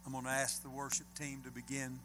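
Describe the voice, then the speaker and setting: A man preaching a sermon in a church, swinging from loud to hushed. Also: medium pitch, completely flat delivery, a little fast, background noise. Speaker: pastor. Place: church sanctuary.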